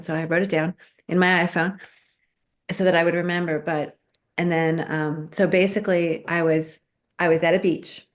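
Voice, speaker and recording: Low-voiced woman telling a story. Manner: animated storytelling, acts out quoted voices. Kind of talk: casual podcast chat.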